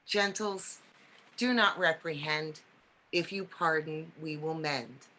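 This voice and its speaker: Woman voicing mischievous fairy Puck, slow measured verse, bright tone, video-call reading. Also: low voice, exaggerated voice. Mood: playful.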